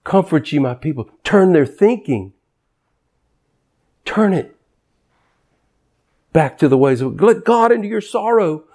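A man in his sixties preaching a sermon with passion, dropping to hushed tones and rising to near-shouts. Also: sits high, expressive, a little slow, long pauses. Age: 60s.

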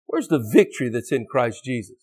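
A man's voice: medium pitch, very animated, brisk, darkish tone, husky. A man preaching a fervent, emphatic sermon, often restarting and repeating words as he drives his points home.

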